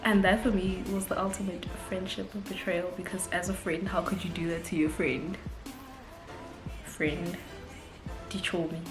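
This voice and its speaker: A woman from South Africa with a South African accent, telling a story in a casual, animated vlog and laughing often. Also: lowish voice, a little slow, long pauses, echoey room, music in the background. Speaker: vlogger.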